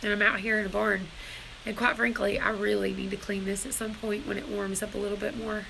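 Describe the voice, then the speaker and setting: A woman's voice: medium pitch, flat delivery, brisk, gravelly, pushed and bright, a little hiss or hum. A woman on a casual live stream from her barn, emotional and tearful, rambling as she talks to her viewers. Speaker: homestead vlogger.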